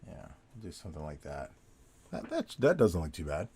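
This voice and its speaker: A man's voice: low-pitched, wildly swooping pitch, a little fast, a little mellow, breathy edge. A man talking casually as he draws, rambling and self-correcting as he goes. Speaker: artist drawing on video. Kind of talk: casual talk while drawing.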